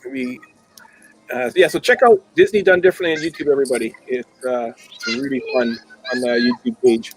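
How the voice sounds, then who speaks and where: A man's voice: medium pitch, fairly quick, over music, rough recording. A man co-hosting a live stream, upbeat and teasing, laughing often. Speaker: co-host.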